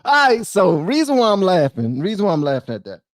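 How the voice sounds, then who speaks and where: A man hosting a livestream, reacting to clips in casual, animated commentary and often repeating phrases. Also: sits high, a little fast, no echo, studio quality. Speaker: host.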